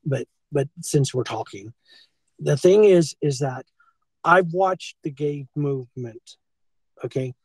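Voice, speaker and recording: A man's voice: fairly high pitch, lively intonation, slow pace, darkish tone, husky, dry recording, low-quality recording. An older American man filmed on a handheld phone, talking in long rambling stretches and tagging on "okay" and "and so forth". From United States. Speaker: former school teacher being confronted. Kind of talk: rambling confrontation talk.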